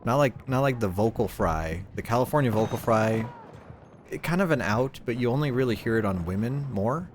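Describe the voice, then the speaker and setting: This man's medium-pitched voice is expressive and moves at a normal speed as he streams a shooter game, rambling casually and cursing freely in a neutral accent. Slight background noise and loud in-game gunfire accompany him.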